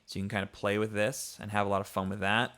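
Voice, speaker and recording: A man with a lowish voice talks through a casual livestream mixing lesson from his home studio. He speaks loosely and conversationally, thinking aloud with frequent ums. He explains each step as he tries out sounds on his computer. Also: little pitch movement, fast, a bit bright. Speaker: music producer teaching mixing.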